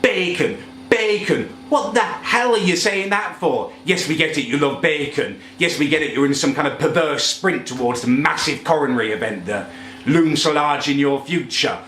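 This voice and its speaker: A man's voice: a little high, expressive, moderate pace, fairly bright tone, slight background noise. A man delivering an indignant, pompous comedy rant to camera. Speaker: comedy vlogger ranting in character. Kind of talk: angry rant monologue. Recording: echoey room.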